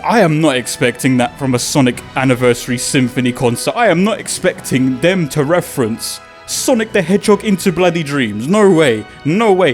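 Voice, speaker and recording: A young man tells an excited, slang-heavy story about a concert, swearing and acting out his own loud reactions. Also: a little high. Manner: animated, swearing, British slang, reacts in loud quoted exclamations. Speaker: video creator.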